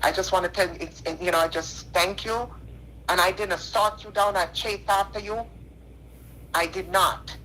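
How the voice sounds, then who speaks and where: A woman's voice: mid-range voice, steady tone, normal speed, sharp tone, a little hiss or hum. A tearful woman calling in on a phone line, talking in an earnest, repetitive, preacherly way. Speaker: caller. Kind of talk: emotional call-in apology.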